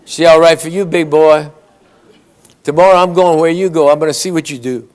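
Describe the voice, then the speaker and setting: A man's voice: on the high side, fairly even intonation, a little fast, darkish tone, smooth. A man telling long, folksy joke stories at a conference awards ceremony, briefly acting out his characters' lines. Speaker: after-dinner joke teller.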